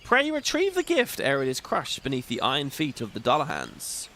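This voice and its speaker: A man's voice: medium pitch, huge pitch swings, normal speed, bright, forceful tone, slight background noise, full character voice. A man voicing a theatrical, courtly male chronicler, reading game dialogue aloud in a grandiose, flowery way. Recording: game music behind voice.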